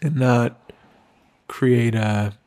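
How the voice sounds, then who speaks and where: Man, podcast co-host, earnest and supportive, casual swearing, middle pitch. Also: extremely slow, a little mellow.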